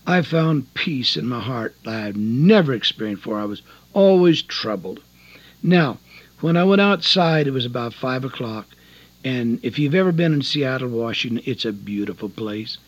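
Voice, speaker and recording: An older man, a prison evangelist, giving an earnest, folksy testimony sermon in a husky voice on a dull tape recording. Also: medium pitch, lively intonation, normal speed. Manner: folksy, earnest storytelling with rising emotional emphasis.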